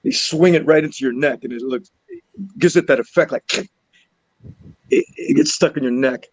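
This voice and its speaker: A man telling a story from a film set in casual chat, animated and laughing, restarting and repeating words as he goes. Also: medium pitch, a little fast, no echo, rough recording. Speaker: actor and podcast guest.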